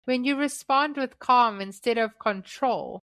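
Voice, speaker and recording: A woman delivers a scripted devotional teaching for parents, her voice a touch high and her pace very slow. She speaks gently in short, emphatic phrases. The recording is close and dry, with no room sound. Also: dry recording. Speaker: Christian parenting podcast host.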